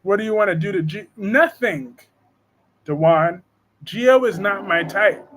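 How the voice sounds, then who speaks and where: A high-voiced man chatting casually on a live stream from home. He keeps things animated and joking, and reads viewer comments aloud as he goes. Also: a little slow. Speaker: live-stream host discussing soap operas.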